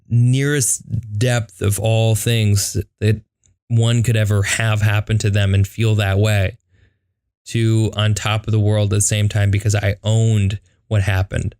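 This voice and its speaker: A man's voice: fairly low pitch, level tone, a little slow, darkish tone, clean tone, dry recording, clean studio sound. A young man hosting a podcast, telling a personal story in a conversational way, with lots of fillers and acted-out quotes. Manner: conversational, many fillers, acts out quoted dialogue. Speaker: podcast host.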